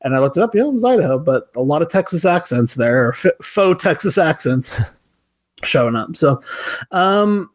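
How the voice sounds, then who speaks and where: A man's voice: a little high, animated, moderate pace. A man from the western United States hosting a podcast, chatting casually and enthusiastically about a horror film with frequent chuckles. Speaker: podcast host. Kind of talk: casual film review chat.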